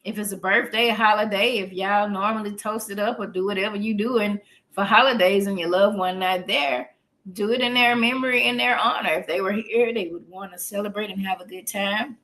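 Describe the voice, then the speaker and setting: A woman's voice: mid-range voice, steady tone, fairly quick, fairly bright tone. Down-to-earth woman therapist, joking. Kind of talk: casual podcast conversation.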